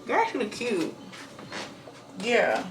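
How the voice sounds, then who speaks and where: A young woman in her twenties talking fast and casually while getting ready in her bathroom, recorded on a camera mic. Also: a little high, big pitch swings. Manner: talks fast without pauses, breathy between sentences. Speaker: nurse vlogger. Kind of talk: casual get-ready-with-me vlog. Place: home bathroom.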